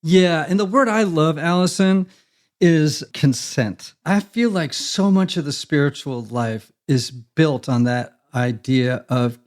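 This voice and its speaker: A man's voice: on the high side, slow pace. A man speaking as a guest on a conversational interview podcast, earnest and reflective, with emphatic stretches.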